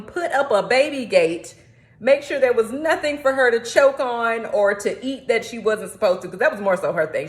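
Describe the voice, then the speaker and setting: A young adult woman vlogging in a chatty, animated way, often jumping up into high squeals. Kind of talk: casual talking-head vlog. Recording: echoey room.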